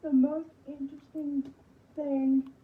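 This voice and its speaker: A woman guest on a radio interview, speaking slowly and haltingly, repeating words as she goes. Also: sits high, flat delivery, echoey room, narrow, tinny audio. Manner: halting, repeating words, slow effortful speech. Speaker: podcast host as guest. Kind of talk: casual interview answers.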